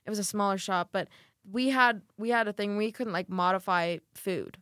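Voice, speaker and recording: A woman's voice: mid-range voice, moderate pace, dry recording. Young woman chatting on a podcast, says like a lot, dry close sound, middle voice. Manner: rambling, many "like" fillers, animated retelling. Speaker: podcast co-host. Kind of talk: casual storytelling chat.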